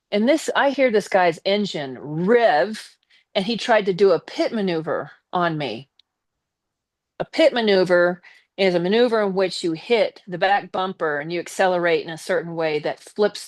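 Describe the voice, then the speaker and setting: Low-voiced woman telling a wild story. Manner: animated, vivid retelling with blunt swearing. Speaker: guest telling her story. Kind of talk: casual storytelling on a live stream.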